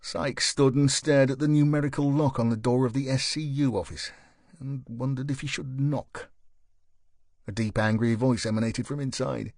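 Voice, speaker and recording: A man reads scripted audiobook narration in an even, steady storytelling manner, his mid-range voice at a moderate pace. It's a dry recording with clean studio sound.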